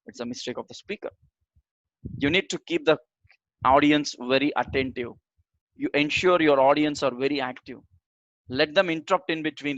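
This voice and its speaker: A man teaching an online session on public speaking, deliberately raising and lowering his tone as he talks. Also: dry recording, lo-fi sound. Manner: animated, varies tone up and down deliberately. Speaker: communication trainer.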